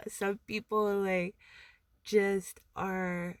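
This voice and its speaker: Her voice sits at medium pitch, creaky and a bit bright, with no echo. She's a motivational vlogger rambling through casual advice to camera, leaning heavily on fillers and "like" and laughing between thoughts.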